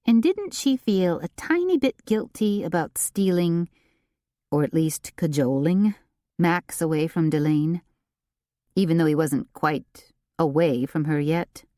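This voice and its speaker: A woman narrating an audiobook in an expressive storytelling manner. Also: low-pitched, no room sound, clean studio sound. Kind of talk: scripted narration.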